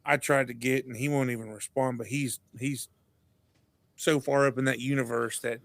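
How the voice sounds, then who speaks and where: A man with a medium-pitched voice talks at normal speed on a podcast, with no echo in the recording. He's a lively storyteller in a casual chat, doing the voices of the people in his stories.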